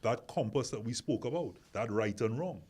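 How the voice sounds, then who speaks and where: A man's voice: mid-range voice, lively intonation, moderate pace, darkish tone, husky. A man hosting a podcast discussion, asking questions and pressing his point with repeated words. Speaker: podcast host. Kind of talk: casual discussion.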